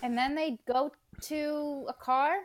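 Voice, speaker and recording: A young woman with a high voice speaks slowly over a faint hiss or hum. Co-hosting a casual podcast, she rants about a movie, swearing freely and acting out quotes and scenes in an animated way.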